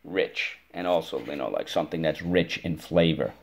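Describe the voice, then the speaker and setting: A man's voice: rumbling low, normal speed. A man teaching a spelling lesson to a child, patiently spelling words out letter by letter and giving encouragement.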